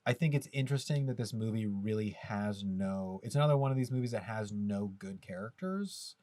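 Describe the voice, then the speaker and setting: A man's voice: on the low side, expressive, a little fast, crowd noise. A man co-hosting a podcast, musing about an old film in a rambling, casual way full of "like". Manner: rambling, filler-heavy musing. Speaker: podcast co-host.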